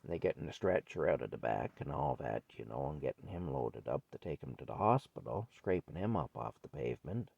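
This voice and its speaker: A man's voice: extremely low pitch, animated, fairly quick, vocal fry, few pauses, a little mellow, slightly rough, no room sound, highs cut off. An older man telling a childhood story in a rambling, folksy way. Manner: rambling, folksy, repeats himself. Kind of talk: casual spoken memoir.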